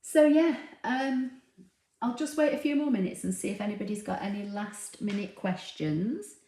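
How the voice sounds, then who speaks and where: Her voice is mid-range and her pace moderate as she hosts a craft livestream, casually chatting and reading viewer comments aloud. She's relaxed, with plenty of ums and laughs. The roomy, echoey recording comes from a home room where a dog is close by.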